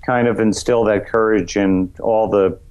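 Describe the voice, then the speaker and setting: A man's voice: fairly even intonation, unhurried, lo-fi sound. A middle-aged man from New York's Westchester County, a comedian guest talking in a loose, rambling way, full of "you know" fillers. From Westchester County, New York. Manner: acts out voices in high shouts. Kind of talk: casual interview chat.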